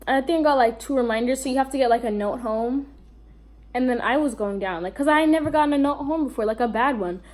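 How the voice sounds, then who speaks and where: High-pitched rambling New York storyteller, woman. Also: fast. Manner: rambling, animated storytelling with many fillers. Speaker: vlogger. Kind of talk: storytime vlog.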